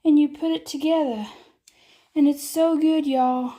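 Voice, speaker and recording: A woman's voice: high voice, fairly even intonation, a little slow, warm tone. A woman in her thirties with a Southern US accent, chatting in a rambling, homey way while filming a vlog at home. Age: 30s. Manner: rambling, chatty, says "y'all". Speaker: vlogger. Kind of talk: casual chat.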